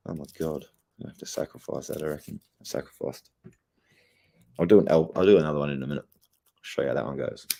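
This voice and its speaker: A man's voice: rumbling low, fast, creaky, pauses often, mellow. A young Australian man, stoned and laid-back, rambling and swearing heavily in a casual livestream chat. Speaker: streamer.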